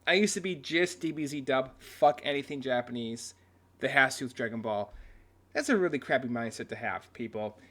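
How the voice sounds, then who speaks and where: A man's voice: medium pitch, lively intonation, brisk, sharp tone. A man hosting a casual reaction video who rants, swears often and restarts his sentences a lot. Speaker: video host.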